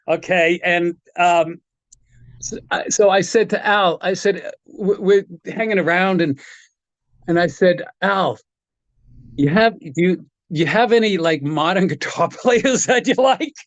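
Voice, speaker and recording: A man's voice: sits high, measured pace, no room sound. A man telling casual anecdotes as a guest on a video-call chat, acting out the people he quotes and laughing often. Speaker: guest, guitar tech. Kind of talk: casual storytelling.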